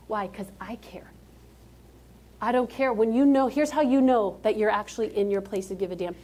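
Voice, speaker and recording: A woman's voice: medium pitch, moderate pace, a little mellow. A woman giving a motivational keynote speech on stage, talking emphatically and directly to a live audience. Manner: emphatic, direct, calls out to the crowd.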